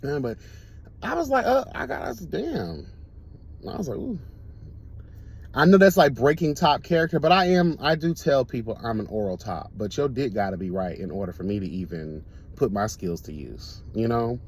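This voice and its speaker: A man hosting a casual talk show, telling stories in a camp, animated way and laughing often. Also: medium pitch, moderate pace, a little hiss or hum. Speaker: host. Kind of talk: casual storytelling chat.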